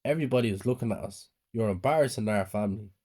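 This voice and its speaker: A man's voice: lowish voice, fast talker, darkish tone, breathy edge. A man voicing a cruel stepmother who nags and scolds sharply. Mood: scolding.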